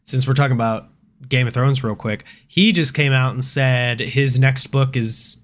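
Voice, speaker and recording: A man's voice: medium pitch, normal speed, a bit bright. A man co-hosting a casual livestream chat, sounding nasal from a cold and rambling along with fillers. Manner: laid-back, rambling with fillers. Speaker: podcast co-host.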